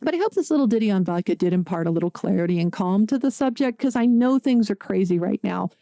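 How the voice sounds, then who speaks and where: A woman's voice: mid-range voice, lively intonation, fast, vocal fry, mellow, dry recording, clean studio sound. A woman from Pittsburgh hosting a solo podcast, talking in a chatty, conversational way with jokey asides. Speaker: podcast host.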